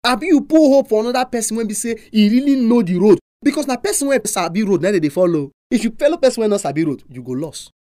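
A preacher with a Nigerian accent delivering a sermon, full of animated, emphatic rhetorical questions. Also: medium pitch, fast talker, hardly any pauses, dry recording, studio quality.

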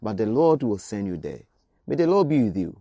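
A man's voice: fairly low pitch, big pitch swings, a little fast, warm tone, no echo. A man preaching a radio sermon, exhorting his listeners with repeated direct appeals.

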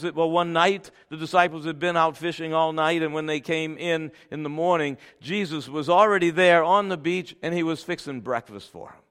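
A man preaching a sermon, reading scripture forcefully and then dropping to soft, tender asides. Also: on the high side. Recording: long hall reverb.

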